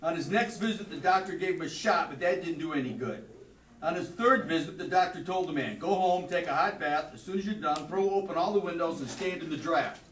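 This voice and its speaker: A man's voice: on the high side, fairly quick, a bit bright, slight background noise. Man, teacher, reading jokes to a class, dry delivery, far from the mic, echoey classroom. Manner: dry joke delivery, flares up scolding students.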